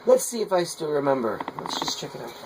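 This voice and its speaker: A man's voice: on the high side, very animated, fast talker. Middle-aged guy chatting while he works, folksy, rambly, faint ac hum behind. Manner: rambling, folksy, hesitant with fillers. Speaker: potter. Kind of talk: casual vlog talk while working.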